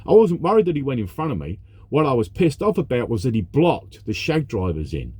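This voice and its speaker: A man's voice: medium pitch, huge pitch swings, a little fast, warm tone, husky, dry recording. A man, a truck driver talking straight to the camera and recounting a frustrating day, ranting and swearing as he goes. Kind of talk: casual monologue recounting a workday.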